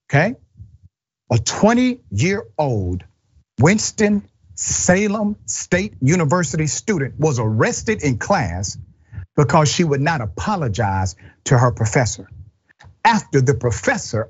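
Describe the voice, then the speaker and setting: A male host delivers impassioned commentary, his pitch swinging widely as he leans into points. The voice has a husky edge, and the recording sounds dull and lo-fi. He speaks with emphatic indignation. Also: big pitch swings, slow. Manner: indignant, emphatic, addresses the professor directly.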